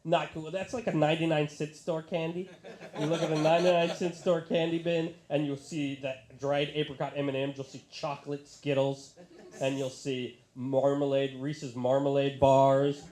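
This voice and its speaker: A man doing stand-up into a handheld mic on a small bar stage, his voice sitting a little high for a man. He tells his stories in an animated way and leaps up into excited, squeaky tones whenever he quotes someone. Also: normal speed, echoey room. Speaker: stand-up comedian. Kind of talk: stand-up comedy set. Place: comedy bar stage with audience.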